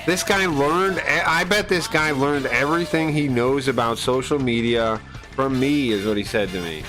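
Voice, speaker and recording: A man's voice: medium pitch, normal speed, over music, low-quality recording. A man on a live stream ranting casually. He swears a lot, sounds aggrieved and rambles with restarts.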